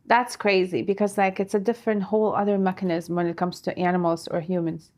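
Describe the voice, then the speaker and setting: A woman's voice: on the low side, level tone, a little fast, a little mellow. A woman co-hosting a podcast, chatting in a laid-back, playful and teasing way. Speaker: podcast co-host, comedian. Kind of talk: casual chat.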